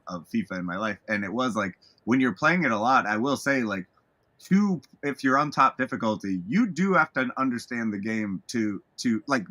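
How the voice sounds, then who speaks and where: A man's voice: on the low side, pushed and bright. A man hosting a casual interview chat, rambling with many restarts. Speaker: podcast host.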